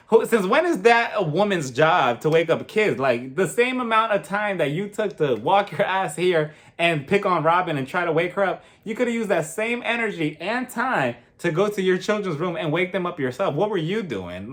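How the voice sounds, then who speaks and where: Sassy animated man, high lively voice. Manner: sassy, animated storytelling with mocking quotes. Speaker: reality TV reviewer. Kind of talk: casual recap vlog.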